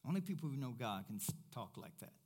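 A man preaching a sermon as pastor, first loud and emphatic, then quieter and conversational. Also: medium pitch, sing-song, quick pace, husky.

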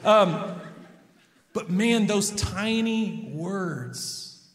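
A man in his thirties preaching a sermon, telling family stories and swinging between soft and loud emphasis. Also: high-pitched, very slow, long reverb tail. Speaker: pastor.

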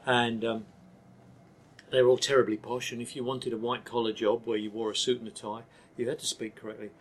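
Husky older Cockney man, blunt. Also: mid-range voice, flat delivery, brisk. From East London, England. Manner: emphatic, blunt, frequent restarts. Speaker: guest. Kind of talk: candid interview talk.

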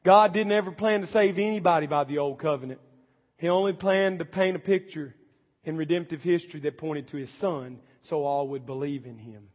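Impassioned high-voiced preacher in a hall. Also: male voice, fairly quick, highs cut off. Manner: impassioned preaching, acting out pleading prayers. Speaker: pastor. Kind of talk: sermon. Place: church sanctuary.

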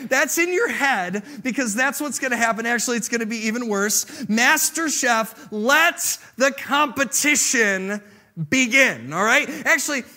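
A man preaching with a high, bright voice that rings out over the congregation. He keeps it lively and playful and pulls the crowd into the story. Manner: animated, playful preaching with audience interaction. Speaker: pastor. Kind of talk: sermon.

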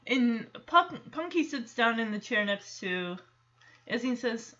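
A woman's voice: on the high side, sing-song, measured pace, fairly bright tone, highs cut off. A young woman recapping a TV episode in a casual, gushing, enthusiastic way. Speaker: show recap vlogger.

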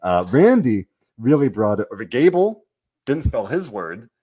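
A man hosting a casual wrestling podcast, talking in an animated, rambling way and often cutting himself off. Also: medium pitch, a little slow, breathy edge. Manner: rambling, animated, self-interrupting. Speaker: podcast host. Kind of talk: casual wrestling recap chat.

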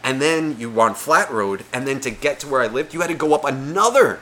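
A man's voice: mid-range voice, animated, fairly quick, fairly bright tone. A man co-hosting a podcast, telling a story in casual chat, swearing a lot and acting out the voices of the people in it. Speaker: podcast co-host.

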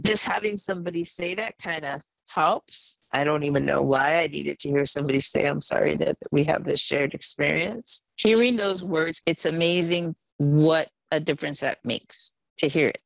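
A woman's voice: deep voice, moderate pace, vocal fry, few pauses, dry recording. An older woman co-hosting a podcast with her daughter, speaking earnestly and searching for words. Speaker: podcast co-host. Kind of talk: casual podcast chat.

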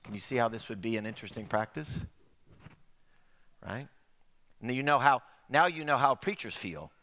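A man's voice: mid-range voice, lively intonation, normal speed, pushed and bright. A middle-aged man preaching a conversational sermon, full of rhetorical questions. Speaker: pastor.

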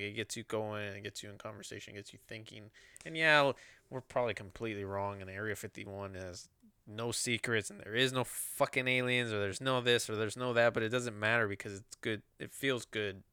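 Guy on a podcast, lowish voice but bright n crisp, swears a lot, just riffing. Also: steady tone, a little fast, no room sound. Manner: swears freely, loose rambling speculation. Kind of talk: casual chat.

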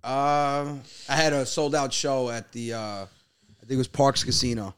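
A man in his forties, a comedian, chatting casually and telling stories with animated acted-out voices and loud emphatic peaks. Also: mid-range voice, moderate pace, clean tone. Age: 40s. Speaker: comedian guest. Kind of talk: casual podcast chat.

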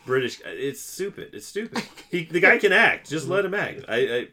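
A man's voice: a little high, sing-song, moderate pace, crowd noise. A man co-hosting a casual movie podcast, emphatic and dismissive in his criticism, swearing as he talks. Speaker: podcast co-host. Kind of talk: casual movie review chat.

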